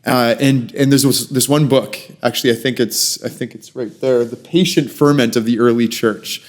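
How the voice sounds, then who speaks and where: A man's voice: mid-range voice, fairly even intonation, moderate pace. Thoughtful man hosting a church podcast. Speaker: podcast host. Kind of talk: reflective podcast conversation.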